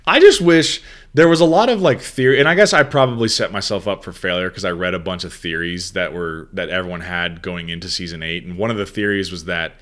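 A man's voice: low voice, brisk. A man in casual, profane conversation, talking through a TV series with a friend. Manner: profane, animated storytelling. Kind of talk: casual chat.

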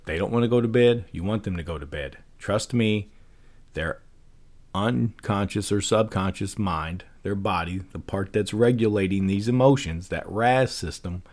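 A man hosting a casual solo podcast, speaking loosely with frequent fillers and rhetorical questions. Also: fairly low pitch. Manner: loose and conversational, many fillers, rhetorical "right?". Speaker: podcast host. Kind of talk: casual solo talk on persuasion and parenting.

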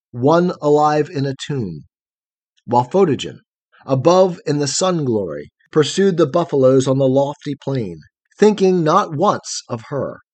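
A man narrating a fairy tale audiobook in a measured, expressive storytelling manner. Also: mid-range voice, no echo.

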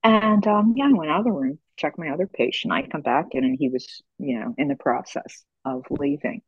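A woman in her sixties hosts a conversation, recounting stories gently and without hurry. Her voice is husky and breathy. The recording is dry and a little dull, like a modest home podcast setup. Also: a bass voice, no echo. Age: 60s. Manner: gentle, unhurried storyteller. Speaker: podcast host. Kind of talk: conversational storytelling. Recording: slightly dull lo-fi sound.

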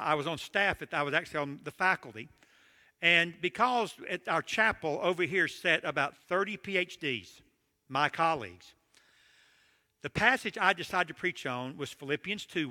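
An older man from Georgia with a Southern accent, preaching a sermon with animated, self-deprecating storytelling. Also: fairly high pitch, in a large hall. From Georgia, USA. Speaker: pastor.

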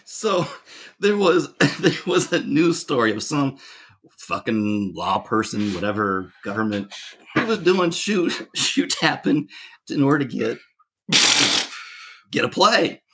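A husky man tells a story in a casual chat, animated and playful. His pitch swoops widely. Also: slow pace, pauses often.

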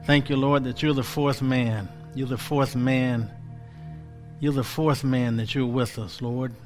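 A man preaching a sermon with fervor, repeating phrases and swinging from loud exclamations to hushed whispers. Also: medium pitch, fairly even intonation, measured pace, soft background music.

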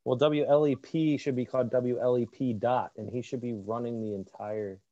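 A man's voice: mid-range voice, fairly even intonation, normal speed, dark tone, no echo, lo-fi sound. A man co-hosting a casual podcast chat, laid-back and rambling with lots of fillers. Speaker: podcast co-host.

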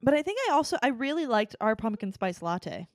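A woman's voice: fairly high pitch, big pitch swings, brisk, a little mellow, dry recording, clean studio sound. A woman co-hosting a casual podcast chat, easygoing and giggly. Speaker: podcast co-host.

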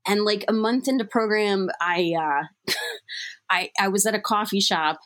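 A young woman speaks candidly about her own past, chatty and self-deprecating, leaning on casual fillers. Her voice sits at an ordinary middle pitch, and her tone stays open and conversational. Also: unhurried, a bit bright. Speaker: guest sharing recovery story. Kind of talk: candid personal storytelling.

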